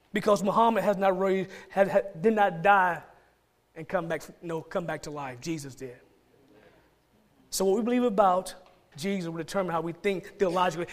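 A man with a Georgia Southern accent preaching a sermon as pastor, emphatic and repeating key phrases for stress. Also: high voice.

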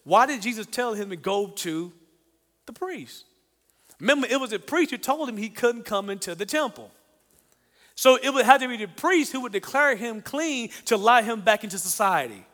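High bright preacher in a hall. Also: male voice, moderate pace. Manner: animated preaching, acts out quoted voices, rhetorical questions. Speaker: pastor. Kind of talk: sermon.

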